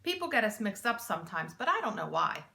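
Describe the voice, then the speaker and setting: A woman's voice: medium pitch, sing-song, fairly quick, creaky, pushed and bright, heavily acted. A woman reading aloud, voicing a small, chatty male thief sidekick in a children's storybook.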